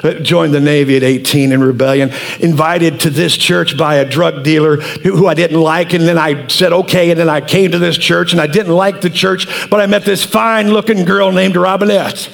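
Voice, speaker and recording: Gravelly high-voiced pastor in his 60s. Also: moderate pace. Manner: animated storytelling, earnest. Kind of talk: sermon storytelling.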